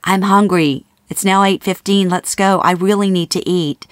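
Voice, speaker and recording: A woman's voice: mid-range voice, steady tone, normal speed, no room sound, natural voice. A woman reading the lines of a caring adult man in a plain, matter-of-fact way, close to her own voice.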